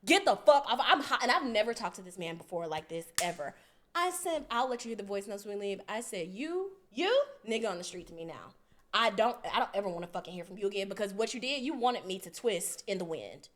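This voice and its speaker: A woman's voice: medium pitch, very animated, a little fast, fairly bright tone. A woman co-hosting a podcast, telling a story in a casual, profane way and acting out both sides of the argument. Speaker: podcast co-host.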